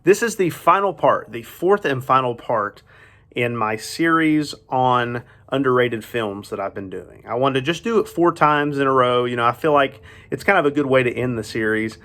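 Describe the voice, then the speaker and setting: A man's voice: mid-range voice, animated, normal speed, fairly bright tone. A man hosting a film review show, presenting alone in a chatty, opinionated way with laughing asides. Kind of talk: solo presenting to camera.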